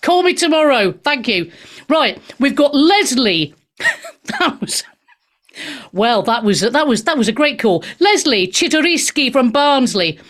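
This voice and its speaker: A woman's voice: sits high, big pitch swings, measured pace. A woman hosting a talk show, reading out listener emails and taking calls in a cheeky, breezy way that slips into swearing.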